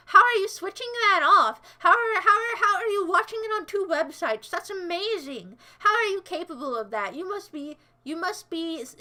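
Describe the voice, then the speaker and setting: A woman's voice: extremely high pitch, sharp tone. A woman livestreaming in a casual chat, answering her viewers in a playful, goofy way that jumps between silly voices and asides.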